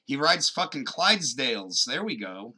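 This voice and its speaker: A man co-hosting a casual podcast with a very bright, forceful voice. He talks in an animated way, swears freely and drops jokey asides into everything, even when reading the news aloud. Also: medium pitch, normal speed, rough recording. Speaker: podcast co-host.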